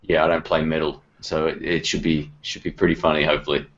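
A man's voice: a bass voice, little pitch movement, fast talker, fairly bright tone, dull audio. An Australian man hosting a casual online guitar chat, laid-back and self-deprecating, with plenty of fillers.

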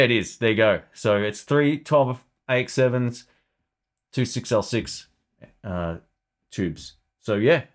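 A man hosting a casual live stream about guitar gear, chatting loosely and thinking aloud. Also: mid-range voice.

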